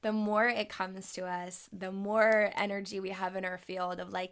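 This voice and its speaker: A woman's voice: mid-range voice, flat delivery, moderate pace, hardly any pauses, a bit bright, clean tone. A young adult woman spiritual coach, talking casually and upbeat to camera in a vlog, often saying "like" and "right?". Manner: chatty, upbeat, lots of "like" and "right?".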